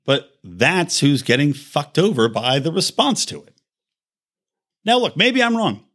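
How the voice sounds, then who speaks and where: A man's voice: a little high, very animated, a little slow, fairly bright tone. A man hosting a podcast, delivering a heated, profane rant with emphatic, wide swings in his voice. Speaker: podcast host. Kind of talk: ranting monologue.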